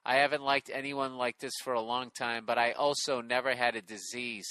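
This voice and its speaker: A man's voice: medium pitch, little pitch movement, a little fast, sharp tone, clean tone, dry recording. A middle-aged man hosting a casual comedy podcast, reading a listener email aloud with sarcastic, profane commentary.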